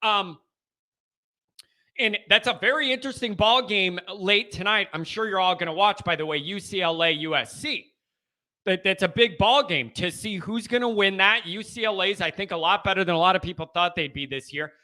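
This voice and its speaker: A man's voice: high voice, moderate pace. Fired-up man hosting a fan call-in show. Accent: American Midwest. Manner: animated, fired-up, repeats himself. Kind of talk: casual chat.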